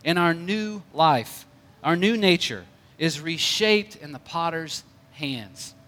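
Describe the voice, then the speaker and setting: A man's voice: a little high, expressive, slow, fairly bright tone, in a large hall. A male pastor preaching a conversational sermon with light jokes.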